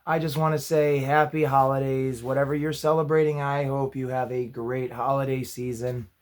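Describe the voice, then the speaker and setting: A man hosting his own movie review channel, chatty and upbeat with self-deprecating asides, his voice going hoarse. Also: mid-range voice, little pitch movement, normal speed. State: losing his voice. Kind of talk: casual spoken movie review.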